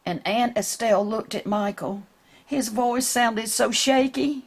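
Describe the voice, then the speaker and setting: A woman reading a picture book aloud to children, gently asking them questions along the way. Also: fairly high pitch, a little slow, slightly rough.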